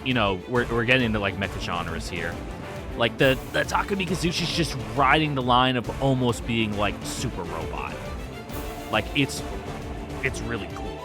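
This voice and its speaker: A man's voice: medium pitch, sing-song, moderate pace, over music. A man hosting a casual game read-through, chatting loosely with lots of fillers and swearing. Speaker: let's-play host.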